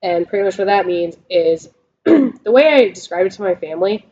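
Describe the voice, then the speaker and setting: On a laid-back veterans' podcast, a woman who served in the Marines swaps profane, laugh-filled stories with her co-host. She has a warm, animated mid-range voice at a normal speed, captured in dull lo-fi audio.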